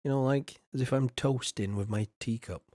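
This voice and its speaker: Man, game streamer, middle pitch, dry close sound, rambling, clears throat often. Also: moderate pace, warm tone, dry recording. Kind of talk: casual live-stream commentary.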